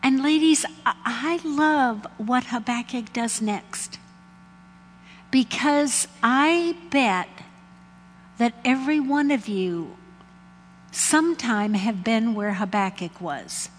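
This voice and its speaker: Woman preacher, high and slow, theatrical delivery, long hall echo. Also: a little hiss or hum. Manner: dramatic, acts out prayers and dialogue with God. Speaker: speaker at a women's gathering. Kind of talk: sermon.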